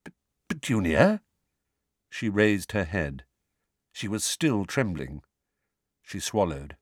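Male audiobook narrator, dramatic and animated, close and dry. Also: deep voice, slow pace, dry recording. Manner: dramatic, expressive reading.

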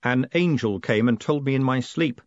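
A man voicing a confident, brisk con man who speaks sharply and smoothly, in a dry, slightly muffled recording. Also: mid-range voice, a little mellow, no room sound, natural voice. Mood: assured.

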